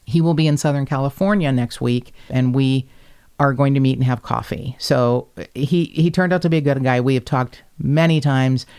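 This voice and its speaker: A woman hosting a podcast, telling stories in a casual, animated way, blunt and quick to swear. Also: a bass voice, smooth. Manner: animated, blunt storyteller who swears freely. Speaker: podcast host. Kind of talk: casual chat.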